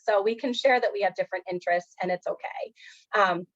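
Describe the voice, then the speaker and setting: A woman's voice: mid-range voice, quick pace. An earnest woman counselor gives an educational presentation, her mid-range voice scattered with "um" and "you know". The sound is slightly dull and lo-fi, like a webinar recording. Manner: earnest, filler-heavy, often says "um" and "you know".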